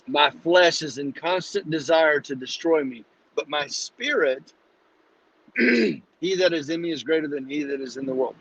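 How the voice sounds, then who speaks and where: A man hosting a live-streamed Bible study, teaching in a casual, energetic, preachy way and calling listeners "dude". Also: on the high side, a little slow, creaky, pauses often, slightly rough. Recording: dull lo-fi live stream audio.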